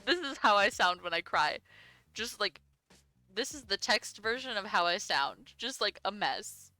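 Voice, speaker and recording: A woman's voice: mid-range voice, expressive, unhurried, bright, forceful tone, no room sound, soft background music. A young woman streaming a game and chatting casually in a giggly, rambling, self-deprecating way. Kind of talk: casual live-stream commentary.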